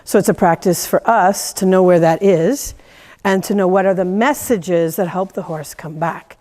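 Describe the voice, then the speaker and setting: A woman teaching a class of horse owners, animated, laughing often and acting out quoted voices. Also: on the low side, moderate pace, long reverb tail. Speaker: horse trainer giving a lecture. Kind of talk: lively teaching talk.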